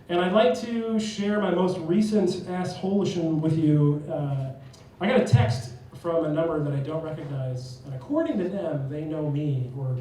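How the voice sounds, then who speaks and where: A man's voice: a little high, dark tone, slight background noise. A young man from New Jersey doing a profane stand-up comedy set, brashly acting out both sides of text conversations in raised voices. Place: comedy club stage. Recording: echoey club sound from far off.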